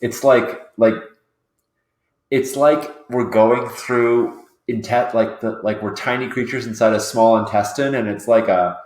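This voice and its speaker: Man player, rambling and apologetic, mid-pitched voice, echoey room. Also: fairly even intonation, a little slow, darkish tone. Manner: rambling, apologetic, self-correcting. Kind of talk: casual chat at a game table.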